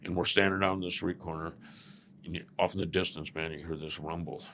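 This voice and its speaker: An older man from Southern California, a former biker club president, tells rambling stories as a guest in a casual podcast interview, often saying "man." His low voice is fast and fairly bright with fairly even intonation. There's slight background noise.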